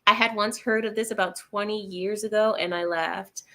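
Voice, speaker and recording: A woman's voice: medium pitch, steady tone, moderate pace, pushed and bright. A woman hosting a livestream, reading viewer comments aloud and answering them in a sarcastic, laughing way. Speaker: livestream host reading chat.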